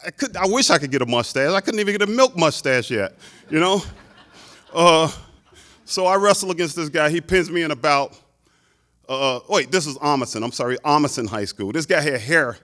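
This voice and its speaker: A man in his fifties tells a lively story as a hall of fame inductee, with a slightly high voice. He keeps throwing in quick asides to the crowd. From Chicago, United States. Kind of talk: speech.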